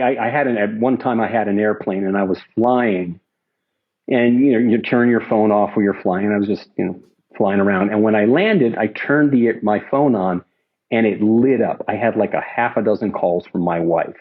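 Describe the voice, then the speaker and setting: A man's voice: lowish voice, moderate pace, narrow, tinny audio. A middle-aged man, a film crew veteran, telling rambling anecdotes in an interview with lots of restarts and asides. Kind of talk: anecdotal storytelling.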